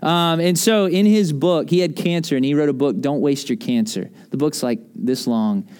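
A man in his thirties preaching a sermon in a relaxed, conversational way, often acting out what other people said. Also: a little high, normal speed, clear, resonant tone. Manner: animated, conversational, acts out quoted voices. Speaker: pastor.

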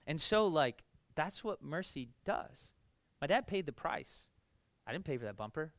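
Bright, clear-voiced man preaching casually. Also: on the high side, a little slow, no room sound. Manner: casual, animated, lots of fillers. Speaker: pastor. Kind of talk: conversational sermon with storytelling.

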